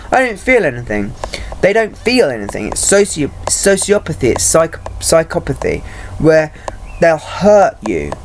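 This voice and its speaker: A man talking in a personal vlog, halting and searching for words, restarting often and swearing freely. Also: on the high side, a little hiss or hum. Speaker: vlogger.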